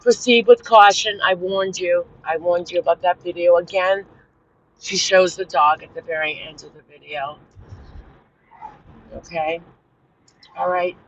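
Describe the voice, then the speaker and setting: A woman chatting casually with viewers on a livestream, animated and indignant as she retells events. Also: lowish voice, a little slow, pauses often. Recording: dull lo-fi livestream audio.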